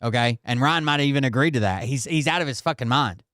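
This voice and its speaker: A man talks over a clip in blunt, sarcastic asides and swears freely. His voice is smooth and resonant. The sound is close and dry, with no room echo. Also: medium pitch, fast talker, fairly bright tone. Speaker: commentator reacting to a clip. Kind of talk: casual reaction commentary.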